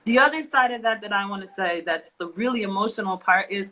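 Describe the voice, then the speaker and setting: A woman's voice: mid-range voice, quick pace, sharp tone, poor audio. A woman co-hosting a casual talk show, speaking with impassioned emphasis and repeating phrases as she vents. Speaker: podcast co-host. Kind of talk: emotional casual chat.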